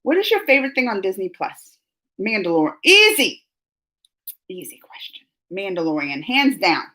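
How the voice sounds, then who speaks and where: A woman's voice: medium pitch, huge pitch swings, normal speed, pushed and bright, low-quality recording. A woman hosting a casual live chat with viewers, rambling and laughing as she answers their comments. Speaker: live-stream host.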